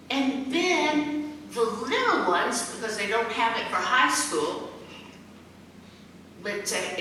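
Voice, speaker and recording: A woman's voice: a little high, expressive, slow, pauses often, pushed and bright, slight background noise. A middle-aged woman giving a heartfelt, folksy talk as a guest speaker, slipping into the voices of the people she quotes. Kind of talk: storytelling speech. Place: large meeting hall. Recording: echoey hall from far off.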